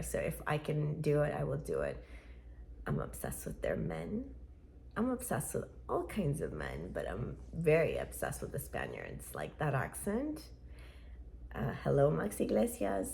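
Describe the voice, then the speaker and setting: A woman's voice: sits low, creaky, slight background noise. A woman vlogger rambling casually to her viewers in a chatty, playful way, laughing often. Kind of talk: casual rambling vlog chat.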